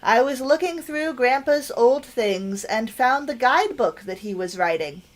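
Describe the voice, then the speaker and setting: A woman's voice: on the high side, expressive. A woman doing a fussing, doting old grandmother. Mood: fond. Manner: fussy, rapid-fire doting questions. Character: fussy, doting elderly grandmother.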